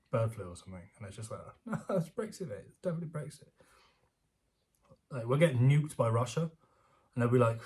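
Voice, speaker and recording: A British man with a husky, phlegmy voice, rambling and sarcastic as he reads an article aloud and rants about it, laughing often. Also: medium pitch, a little mellow. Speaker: commentator reading news aloud. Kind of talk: casual rant reacting to an article.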